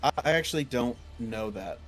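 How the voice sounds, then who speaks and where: A man's voice: mid-range voice, a little fast, over loud music. A man chatting casually as a guest, telling a work story in a laid-back, swearing way. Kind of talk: casual chat.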